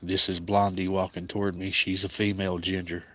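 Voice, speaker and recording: A man with an Appalachian accent, hosting a casual livestream outdoors and speaking softly to viewers by name. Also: deep voice, level tone, brisk, slight background noise. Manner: soft-spoken, grieving, talks to viewers by name. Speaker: cat sanctuary livestream host.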